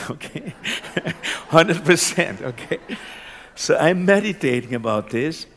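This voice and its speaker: A doctor from Curaçao telling a personal story in conversation, animated and laughing often, checking that his listener follows along. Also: medium pitch, long reverb tail.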